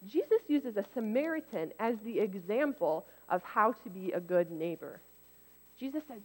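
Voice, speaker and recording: Woman preacher, casual delivery, mid pitch, long hall reverb. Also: moderate pace. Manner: conversational, animated when quoting others. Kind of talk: casual sermon.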